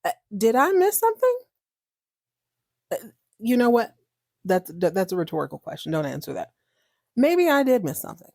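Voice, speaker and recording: A woman's voice: a little high, huge pitch swings, normal speed, pauses often, darkish tone, no room sound, clean studio sound. A woman hosting a podcast, recapping a TV soap in a chatty, sarcastic, joking way. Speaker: podcast host. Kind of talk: casual TV recap.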